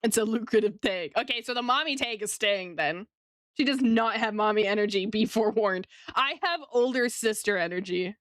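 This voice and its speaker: A woman's voice: mid-range voice, moderate pace, no room sound, clean studio sound. A woman streamer chatting casually with her chat while she draws, playful and teasing, laughing often.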